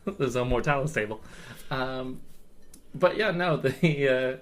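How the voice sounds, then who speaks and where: A man's voice: mid-range voice, a little slow. A man co-hosting a casual hobby podcast, a rambling storyteller who laughs often. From Canada. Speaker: podcast co-host. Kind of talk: casual chat.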